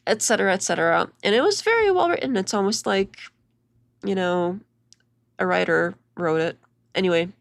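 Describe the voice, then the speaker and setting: A woman's voice: medium pitch, animated, measured pace, vocal fry, long pauses, dry recording. A young woman hosting a casual commentary video, chatty and mocking, talking over clips with lots of "like" and restarts.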